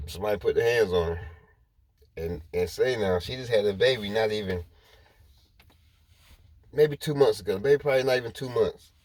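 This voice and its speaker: A man's voice: on the low side, normal speed, pauses often, a little mellow, dry recording. A man rambling through a personal story to his viewers in casual talk, repeating himself as he goes. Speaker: vlogger.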